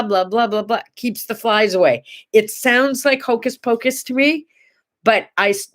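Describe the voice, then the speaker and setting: A middle-aged woman hosts a casual morning show and talks in a chatty, tender way. She rambles and wanders off into asides, and her voice sits at an ordinary middle pitch. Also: a bit bright. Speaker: host.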